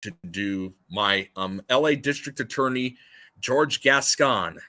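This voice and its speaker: A man's voice: medium pitch, slow pace, pushed and bright. A man hosting a livestream in rambling, casual chat, repeating his points emphatically. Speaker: livestream host.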